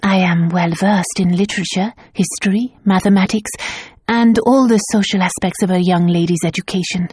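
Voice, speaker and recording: A woman voicing a composed, dignified young woman in her twenties applying to be a governess, speaking calmly and formally. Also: mid-range voice, normal speed, slightly rough, dry recording, natural voice. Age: 20s. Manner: calm, formal and poised.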